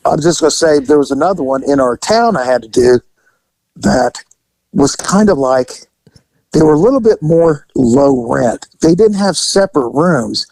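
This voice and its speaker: Casting: a gravelly-voiced man in dry close-mic sound, with a lively swooping delivery and loose, profane storytelling. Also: a little high, moderate pace, dry recording, rough recording. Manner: animated, laughing, profane, acts out voices. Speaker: storyteller recounting undercover work. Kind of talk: casual conversational storytelling.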